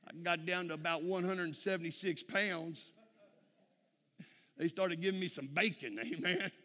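Man, preaching a sermon, folksy storyteller, forceful tone, long church reverb. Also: high voice, steady tone, moderate pace. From Texas. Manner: folksy storytelling, frequent "amen?" calls to the congregation. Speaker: pastor.

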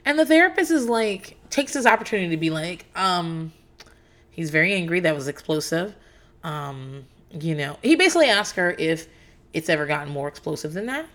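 A woman's voice: fairly low pitch, animated, normal speed, fairly bright tone. Profane, rambling woman recapping reality TV. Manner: candid, profane, rambling with frequent fillers. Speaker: podcast host.

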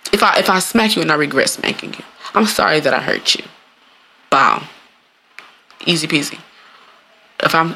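A solo podcast host talking in a loose, animated way, with a gravelly edge and a bright, forceful tone. This speaker swears freely, laughs often and acts out quoted lines in playful voices. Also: medium pitch, a little hiss or hum. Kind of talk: casual solo podcast monologue.

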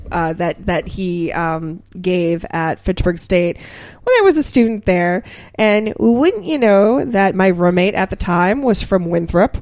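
A young adult woman co-hosting a casual podcast chat, telling stories with building excitement. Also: on the low side, no room sound. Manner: animated storyteller, builds excitement.

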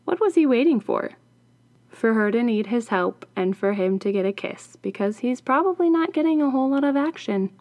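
A woman's voice: a little high, lively intonation, moderate pace, a little mellow, muffled recording. A woman hosting a podcast, reading a fairy tale and adding wry, sarcastic asides. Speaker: podcast host.

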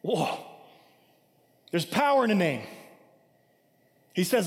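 A man with a high-pitched voice gives a sermon in a casual, conversational way. He reads scripture aloud and then explains it, often asking "right?" His voice rings with a long hall echo. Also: very animated, takes it slowly, pauses often. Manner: conversational, frequent "right?" asides. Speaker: preacher.

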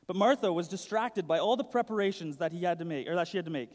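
Chatty high-voiced young man preaching. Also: fast talker, darkish tone. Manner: chatty, uses "like" a lot. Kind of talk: casual sermon. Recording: long hall reverb.

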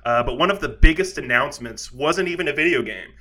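A man's voice: mid-range voice, expressive, fast talker, sharp tone. A man hosting a podcast in casual chat, upbeat and laughing often. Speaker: podcast host.

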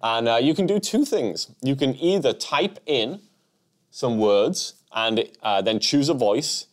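A man's voice: mid-range voice, animated, measured pace. A man with an English accent co-hosting a tech show in jokey, laughing banter. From England. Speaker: co-host. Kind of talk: casual chat.

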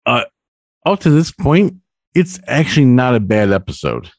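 A man co-hosting a podcast, chatting about a sitcom episode with expressive, jokey asides. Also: mid-range voice, normal speed, no room sound. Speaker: podcast co-host. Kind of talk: casual recap chat.

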